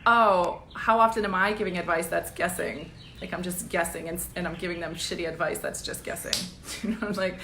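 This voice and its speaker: A woman business coach giving a casual live-streamed pep talk, energetic and blunt, laughing often and swearing casually. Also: fairly low pitch, brisk, roomy sound, slight background noise.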